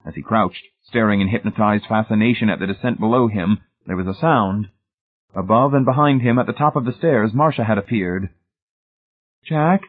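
A man reading a suspenseful story aloud in a measured, scripted narration, heard over a tinny, phone-like recording. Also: lowish voice. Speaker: audiobook narrator.

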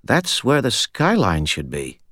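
A man's voice: medium pitch, wildly swooping pitch, a little slow, a bit bright, no room sound, studio quality, voice pushed up, exaggerated voice. Brief: male narrator putting on a frail, trembling young man in an audiobook, voice thin and shaky. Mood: weak, shaken. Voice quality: weak, unsteady voice. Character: weak shaken young man, nervous.

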